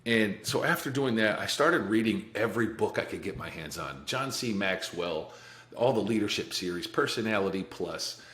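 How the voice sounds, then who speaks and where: This candid life-story interview features a podcast guest in his forties with a fairly low, slightly bright voice, speaking animatedly at normal speed. He is blunt and profane, with frequent restarts and short laughs, and the room echoes noticeably.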